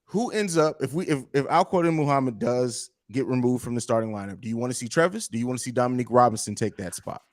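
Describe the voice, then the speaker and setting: A man's voice: mid-range voice, fast talker, hardly any pauses, dry recording, studio quality. A man co-hosting a sports podcast, making his case in casual debate and backing his points with stats. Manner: argumentative, builds points with stats, repeats phrases.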